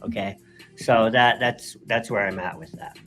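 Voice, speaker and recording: A man's voice: lowish voice, moderate pace, fairly bright tone, faint music behind. A man co-hosting a live stream in casual chat, rambling with many restarts and frequent laughs. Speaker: co-host.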